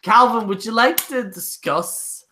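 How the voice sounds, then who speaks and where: A man's voice: extremely high pitch, unhurried, pushed and bright. A young man from Northern Ireland with a Northern Irish accent, hosting a casual live-stream chat and telling pub stories full of swearing and laughter. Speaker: show host.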